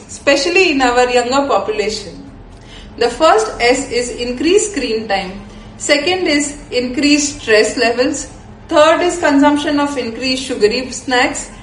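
A woman's voice: on the high side, slight background noise. A woman doctor with an Indian accent, giving an upbeat, scripted health talk with emphatic repetition. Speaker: endocrinologist hosting a health show. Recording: roomy echo.

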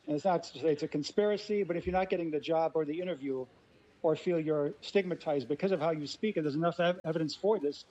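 Radio panel guest, man from LA, measured and explanatory, slightly high, dull lo-fi sound. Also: mellow. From Los Angeles. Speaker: guest linguist.

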